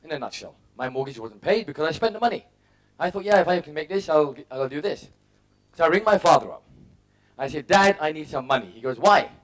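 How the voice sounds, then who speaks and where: A middle-aged man from England gives a motivational talk in a voice on the high side, fairly quick and lively in intonation. He acts out his own thoughts in short, punchy bursts while telling personal stories.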